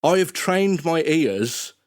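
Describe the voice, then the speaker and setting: A man's voice: on the high side, expressive, slow, no room sound. Chatty man with a dry close sound. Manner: rambling, chatty, many restarts. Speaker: podcast guest. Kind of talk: casual podcast chat.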